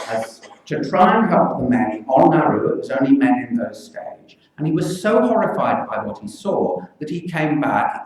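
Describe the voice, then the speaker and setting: Older man, speaking in an echoey hall. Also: medium pitch. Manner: earnest, measured speaking with pauses. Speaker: pediatric infectious disease physician. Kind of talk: speech at a public meeting. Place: public meeting hall. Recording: echoey hall, mic from far off.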